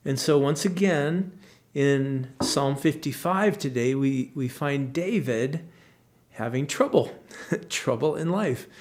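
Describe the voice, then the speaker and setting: A male pastor giving a devotional Bible teaching, slow and earnest, with frequent restarts and emphatic bursts. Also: mid-range voice.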